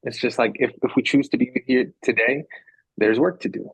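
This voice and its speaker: A man's voice: mid-range voice, moderate pace, vocal fry, fairly bright tone, slightly rough, no echo, muffled recording. A man talking as a podcast guest in a reflective, casual way, earnest and rambling, repeating phrases for emphasis.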